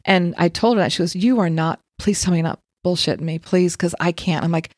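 A woman's voice: lowish voice, fairly quick, darkish tone, no echo, studio quality. A middle-aged woman, a Reiki practitioner, telling a story in casual chat and acting out the voices of the people in it.

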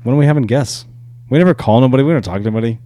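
A man's voice: mid-range voice, rapid-fire, dark tone, no echo. A young man co-hosting a podcast, joking and teasing his friend in casual sports chat. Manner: teasing, jokey, laughs often. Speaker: podcast co-host.

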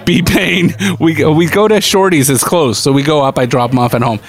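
A man's voice: fairly high pitch, normal speed. A middle-aged man, co-hosting a podcast in casual chat, telling a rambling story and laughing often. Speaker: podcast co-host.

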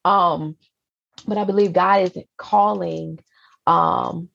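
A woman's voice: fairly low pitch, fairly even intonation, slow, vocal fry, fairly bright tone. A woman hosting a faith podcast, speaking earnestly and encouragingly with a preacherly cadence. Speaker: podcast host. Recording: dull lo-fi sound.

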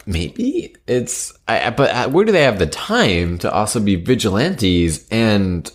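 A man's voice: on the low side, big pitch swings, measured pace. A man improvising a comedy scene, hesitant and rambling with lots of fillers.

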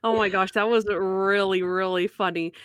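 A woman in casual chat, recapping a TV episode with lively retellings of scenes. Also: mid-range voice, normal speed, smooth, no room sound, clean studio sound. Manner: animated retelling with quoted voices.

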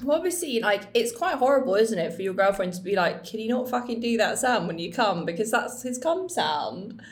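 A woman's voice: medium pitch, animated, fairly quick. A young woman co-hosting a frank, casual chat, laughing often and acting out quoted lines. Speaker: podcast co-host.

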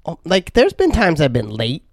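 A man in his thirties, a podcast co-host telling a story in casual chat, animated and mimicking other people. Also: a little high, normal speed, creaky, no echo, studio quality.

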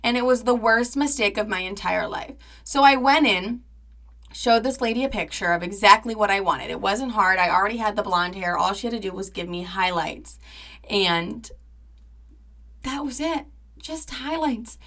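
Bright-voiced young woman telling a dramatic story. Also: medium pitch, normal speed. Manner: chatty and dramatic, heavy with "like" and swearing. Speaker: podcast host. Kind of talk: casual storytelling monologue.

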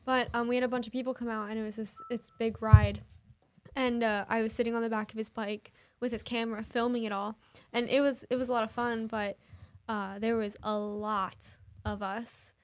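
A woman with a slightly high voice chats casually on a podcast. She talks in a relaxed way, with pauses and small fillers. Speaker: podcast co-host. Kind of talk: casual chat.

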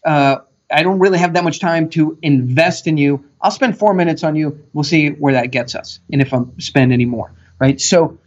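A man guest on a talk show, telling stories and acting out what people said in a lively, animated way. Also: a little high, breathy edge. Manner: animated storyteller, acts out quotes. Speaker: podcast guest expert. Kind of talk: casual interview talk. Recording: dull lo-fi sound.

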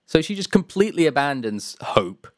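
A man's voice: a little high, very animated, moderate pace, no room sound, studio quality. A man, co-hosting a casual podcast chat about video games, laughing often and trailing off with fillers. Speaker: podcast co-host.

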